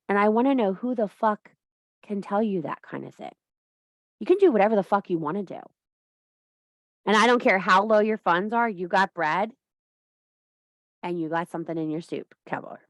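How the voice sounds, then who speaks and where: A woman's voice: medium pitch, expressive, normal speed, pauses often, no room sound. A woman giving a casual spoken lecture on witchcraft, blunt and profane, firing up her listeners and laughing often mid-sentence. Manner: blunt, profane, fired-up pep talk. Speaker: witchcraft teacher.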